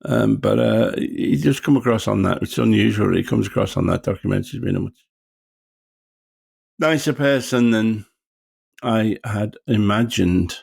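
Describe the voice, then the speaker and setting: An older man chats loosely on a podcast, his voice low and heavily gravelly. It is husky too, and he rambles with frequent restarts. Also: normal speed, a little mellow. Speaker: podcast host. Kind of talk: casual chat.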